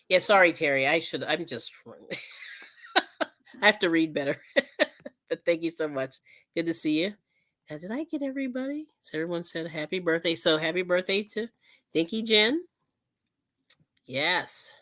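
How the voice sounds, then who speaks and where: Middle-aged woman, livestream host, low voice with lively swings, rambling friendly chat. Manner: chatty, rambling, laughs often, reads out chat comments.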